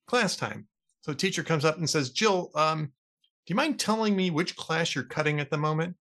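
A man hosting a talk show, chatting casually and telling a long joke with acted-out voices. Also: a little high. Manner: lively storyteller who acts out the characters' lines. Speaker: radio talk show host. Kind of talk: casual chat, telling jokes.

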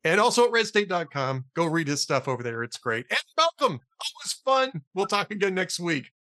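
A man's voice: high-pitched, big pitch swings, moderate pace, bright, forceful tone, no room sound, clean studio sound. A man hosting a radio talk show, chatting casually and telling jokes. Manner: chatty, tells jokes with shifting voices.

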